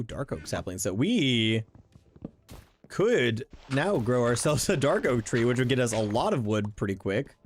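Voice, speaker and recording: A man's voice: mid-range voice, slight background noise. Easygoing man thinking aloud while playing. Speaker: streamer. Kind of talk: casual gameplay commentary. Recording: faint background game music.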